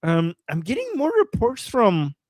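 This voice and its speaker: A man's voice: high-pitched, wildly swooping pitch, unhurried, no room sound, clean studio sound. A man co-hosting a casual commentary chat, amused and playful, laughing often. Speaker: co-host.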